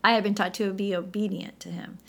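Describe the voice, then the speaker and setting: A woman speaks as a podcast guest, her voice carrying a light gravelly edge at an ordinary pitch. She tells her story with lots of energy and acts out the voices she quotes. The talk is candid and heartfelt. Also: steady tone, brisk, a bit bright. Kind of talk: candid faith conversation.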